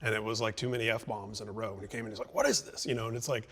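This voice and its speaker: A man's voice: on the low side, flat delivery, racing, fairly bright tone, breathy edge. A middle-aged man hosting a conversational interview, speaking in long, reflective turns. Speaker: interview host.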